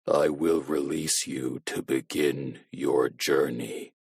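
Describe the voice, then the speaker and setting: A man voicing a cold hooded captor who speaks in a low, slow, robotic monotone through a voice changer. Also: slightly rough, dry recording, studio quality, exaggerated voice. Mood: cold menace.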